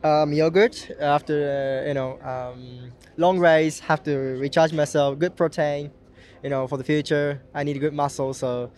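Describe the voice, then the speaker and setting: Male driver, slightly high voice, terse answers, outdoor paddock grab. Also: fairly even intonation, unhurried, darkish tone. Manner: short clipped answers. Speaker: racing driver. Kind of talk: quick interview.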